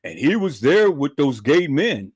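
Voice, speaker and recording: A man's voice: fairly high pitch, very animated, a little slow, slightly rough, full character voice. A man mimicking another grown man who dodges questions, in a taunting, repetitive way. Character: whiny mocked grown man dodging questions.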